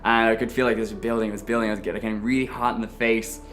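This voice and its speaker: A fairly low-voiced Irish man speaks candidly and with animation as he tells his own story. Faint music plays underneath. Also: little pitch movement, rapid-fire, fairly bright tone. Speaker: interviewee. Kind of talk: personal storytelling.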